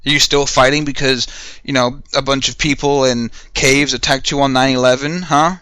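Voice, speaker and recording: Heated, sharp-voiced man ranting. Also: medium pitch, steady tone, normal speed, clear, resonant tone, no echo. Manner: heated, profane, rhetorical questions. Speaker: podcast host. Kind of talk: ranting solo monologue.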